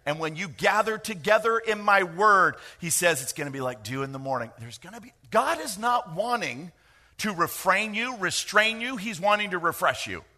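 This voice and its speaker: A middle-aged man preaching a sermon, lively and joking, with quick asides to the congregation. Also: high-pitched. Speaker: pastor.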